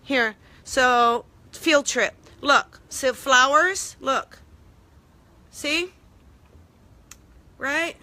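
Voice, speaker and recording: Bright, high-voiced chatty woman host. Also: very slow, long pauses. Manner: chatty, upbeat, talks to viewers while walking. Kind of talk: casual live-stream talk. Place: home and backyard garden.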